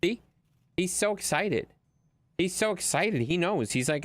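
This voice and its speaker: Lively, profane male game streamer. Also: high-pitched, unhurried, dry recording. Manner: loose and profane, chatting to viewers and his dog. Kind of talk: casual livestream gameplay commentary.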